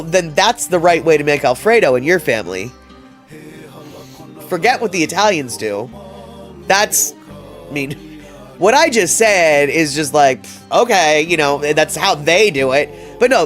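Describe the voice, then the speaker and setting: A man hosting a livestream, chatting casually and reading out viewer comments in a rambling way, with many fillers and restarts. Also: fairly high pitch. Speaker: livestream host.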